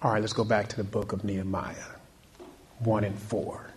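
This pastor's voice is lowish and flat, at normal speed, with a little hiss or hum in the recording. He preaches with mounting intensity and repetition, putting questions to the congregation and calling out amen.

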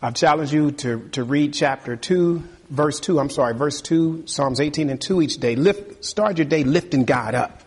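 A man's voice: a little high, normal speed, few pauses, husky. A male pastor preaching a sermon, reading scripture aloud and calling out to the congregation for responses.

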